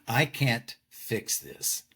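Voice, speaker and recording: A man's voice: mid-range voice, big pitch swings, drawn-out words, bright, forceful tone, breathy edge. A man in his sixties, a podcast guest, talking candidly and reflectively in casual conversation, with a loose storytelling way of speaking.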